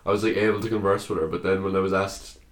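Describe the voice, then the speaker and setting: A man's voice: low voice, flat delivery, fast talker, very noisy. A young man co-hosting a podcast, joking and laughing through casual stories. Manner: laughing, jokey storyteller. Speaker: podcast co-host. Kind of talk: casual banter. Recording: echoey room.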